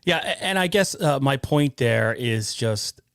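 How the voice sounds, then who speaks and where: A man hosting a casual podcast, reading out chat comments in a halting, rambling way. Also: mid-range voice, animated, dry recording, clean studio sound. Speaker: podcast host.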